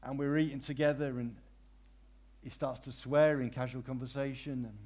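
A man preaching a sermon, swinging from hushed, prayerful phrases to loud cries and repeating his questions for emphasis. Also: mid-range voice, fairly even intonation, moderate pace.

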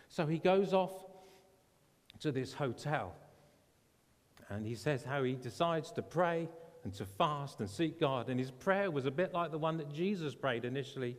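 A man's voice: a little high, animated, unhurried, long pauses. A man preaching as a pastor, earnestly retelling a story and quoting the people in it. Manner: earnest, retells stories with quoted voices. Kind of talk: sermon storytelling. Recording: long hall reverb.

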